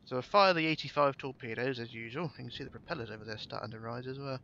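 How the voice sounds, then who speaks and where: Gravelly man commentating gameplay. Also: medium pitch, quick pace, pushed and bright, dull audio, a little hiss or hum. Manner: chatty, swears casually, thinks aloud.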